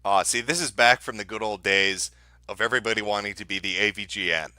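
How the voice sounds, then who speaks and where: A man's voice: on the low side, fast talker, pushed and bright, dry recording. A man streaming, mocking the clips he plays with sarcastic commentary.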